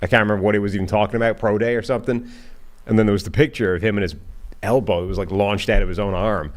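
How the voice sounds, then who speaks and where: A man in casual podcast chat about football, wry and quick with his remarks. His voice sits fairly low, and he talks at ease into a studio mic. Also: steady tone. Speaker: analyst co-host.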